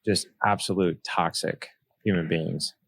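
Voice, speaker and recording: A man's voice: sits low, fairly even intonation, unhurried, gravelly, a bit bright, slightly rough, no room sound. A man in his forties telling a personal story in an earnest, reflective way, acting out remembered dialogue. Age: 40s. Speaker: podcast guest, author.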